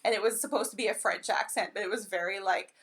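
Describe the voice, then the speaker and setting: Woman, podcast co-host, casual chat, laughs a lot, mid-pitched voice. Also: steady tone, fast talker, fairly bright tone. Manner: chatty, laughs often.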